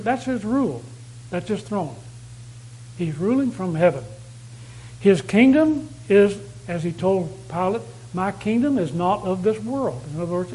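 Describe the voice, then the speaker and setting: A man with a notably high voice delivers a sermon, pressing each point by saying it again and again. When he reads scripture he declaims it more loudly before dropping back to explaining. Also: rough recording. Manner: emphatic, repeats key phrases for stress; reads verses aloud louder and more declaiming. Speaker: preacher.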